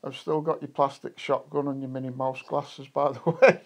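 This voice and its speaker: A man's voice: mid-range voice, fairly even intonation, moderate pace, dry recording. An English man vlogging at a metal detecting rally outdoors, chatty and jokey, laughing often as he talks to friends. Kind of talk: casual vlog chat. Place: fields outdoors. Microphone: camera mic, wind noise at times.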